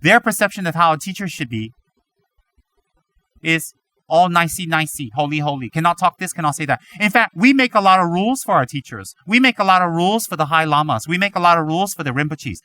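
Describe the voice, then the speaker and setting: A man giving a Buddhist teaching, animated and dramatic, acting out his students' complaints. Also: a little high, fairly quick. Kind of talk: dharma teaching talk.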